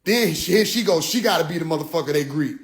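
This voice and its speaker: A man talking on a casual phone livestream, animated and profane, often mimicking others in low mocking voices. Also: quick pace. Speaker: livestream host.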